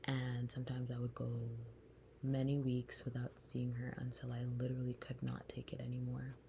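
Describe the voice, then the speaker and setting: A woman hosting a podcast, telling a personal story in a soft, slow, reflective way that often turns breathy. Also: a bass voice, completely flat delivery, slight background noise. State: close to tears. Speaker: podcast host.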